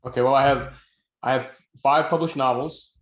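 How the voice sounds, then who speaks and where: A man's voice: mid-range voice, fairly even intonation, moderate pace. A middle-aged man co-hosting a podcast, telling stories with dry, wry asides. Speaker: podcast co-host and novelist. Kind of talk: casual podcast chat. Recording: roomy echo.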